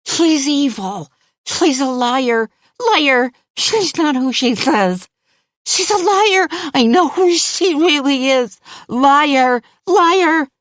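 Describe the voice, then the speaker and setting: A woman voicing a frenzied woman who screams accusations in a raspy voice. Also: high voice, expressive, slow, dry recording, studio quality, pitched above the performer's own voice. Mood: raving. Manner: shouting, repeating herself wildly.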